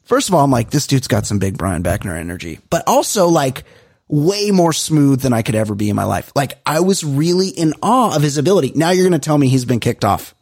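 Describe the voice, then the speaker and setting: A man co-hosting a podcast, telling stories in animated, profane casual chat. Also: fairly high pitch, a little fast, husky, dry recording, clean studio sound. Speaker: podcast co-host.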